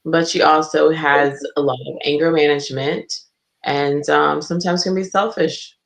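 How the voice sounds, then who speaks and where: Casting: panel guest, gravelly voice, hesitant delivery with many fillers. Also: female voice, low-pitched, fairly even intonation, normal speed. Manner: hesitant, many ums and definitely. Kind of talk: casual panel chat.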